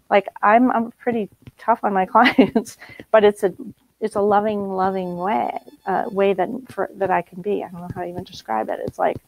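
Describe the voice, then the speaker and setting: Middle-aged woman teaching a group, blunt n lively, laughs a lot, dry close mic. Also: mid-range voice, no echo, rough recording. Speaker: spiritual teacher.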